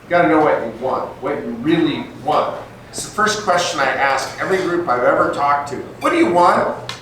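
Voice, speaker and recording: An older man holds a live audience with animated stories, his voice sitting fairly high. He sounds distant, in a very echoey hall with faint noise behind him. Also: a little fast. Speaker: speaker at an event. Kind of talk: storytelling talk to a live audience.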